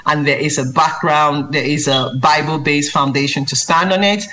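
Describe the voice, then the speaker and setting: A woman's voice: sits low, moderate pace, poor audio. A woman who writes children's books and tutors maths, answering interview questions in an earnest, emphatic way. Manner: earnest, emphatic, lively when mimicking reading aloud.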